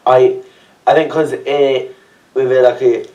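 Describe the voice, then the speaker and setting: A British man making casual chat, asking questions in halting restarts. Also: medium pitch, flat delivery, warm tone, lo-fi sound. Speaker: reality show contestant. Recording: roomy, picked up from a distance.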